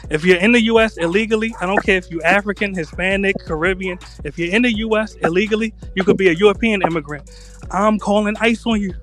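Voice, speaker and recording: Calm, insistent man in a debate. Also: sits high, fast, soft background music. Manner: calm, insistent, repeats himself. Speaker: debate panelist. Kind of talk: heated debate.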